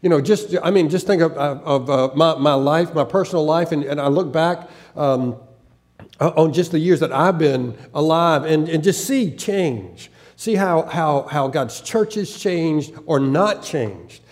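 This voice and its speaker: Pastor, male, faded Southern accent, slightly high voice; earnest, stop-start sermon delivery. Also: darkish tone. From American South. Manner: halting, many restarts and repeated words; earnest, with occasional laughter.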